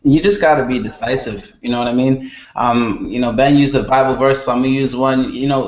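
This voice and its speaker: A man's voice: mid-range voice, fairly quick, muffled recording. A man speaking as a guest on a video call, giving an emphatic motivational pep talk built on repeated catchphrases.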